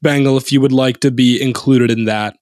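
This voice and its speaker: A man's voice: medium pitch, fairly even intonation, a little fast, darkish tone, no room sound, clean studio sound. A man co-hosting a sports podcast, talking loosely and laughing easily. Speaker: podcast co-host. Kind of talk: casual sports chat.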